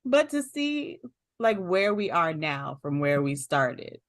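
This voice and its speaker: A woman's voice: on the low side, very animated, slow pace, no echo, studio quality. A woman hosting a casual conversation with a friend, laughing often and getting emotional. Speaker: host.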